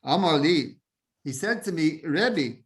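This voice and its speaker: A man's voice: fairly high pitch, expressive, measured pace, fairly bright tone. A man teaching a Torah class as a rabbi, often repeating words while finding his phrasing and mixing Hebrew and Yiddish terms into English. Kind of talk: informal Torah lesson.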